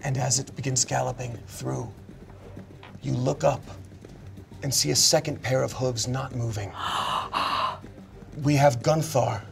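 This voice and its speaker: A man running a tabletop role-playing game, narrating scenes with animated, cinematic storytelling. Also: mid-range voice, measured pace, gravelly, pauses often, noisy background. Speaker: game master.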